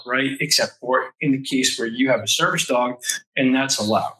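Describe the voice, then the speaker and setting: Man, podcast co-host, rambling explanations, bright tense tone. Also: medium pitch, moderate pace, poor audio. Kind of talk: casual podcast chat.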